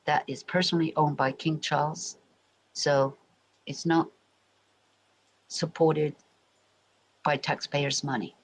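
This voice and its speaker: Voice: mid-range voice, flat delivery, takes it slowly, long pauses, rough recording. Chatty English-born livestreamer. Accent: English, Americanized. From England, Royal Berkshire. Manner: rambling, chatty, addressing viewers directly. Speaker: livestream host. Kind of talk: casual livestream chat.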